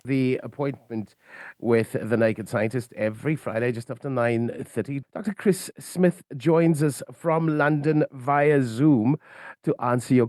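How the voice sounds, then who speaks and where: A man hosting a radio talk show in a studio, chatting in a relaxed way with small fillers as he reads out listener questions. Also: mid-range voice, no echo. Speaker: radio host.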